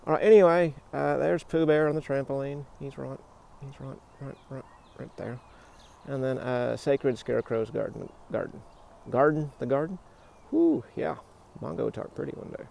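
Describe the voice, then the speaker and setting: A man's voice: medium pitch, moderate pace, vocal fry, mellow, slight background noise. A man in a casual outdoor vlog, talking in a rambling, self-mocking way while tired and shaky from garden work, recorded on a handheld phone. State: shaky hands, tired from digging.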